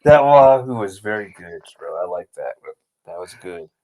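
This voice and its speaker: A man's voice: lowish voice, expressive, normal speed, darkish tone. A man co-hosting a casual wrestling recap podcast, blunt and opinionated, calling his partner bro. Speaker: podcast co-host.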